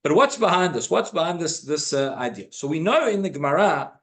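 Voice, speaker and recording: A rabbi giving an informal class in a synagogue, explaining texts and reading Hebrew quotations aloud. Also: male voice, on the high side, expressive, fairly quick, a bit bright. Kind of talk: informal Torah class lecture.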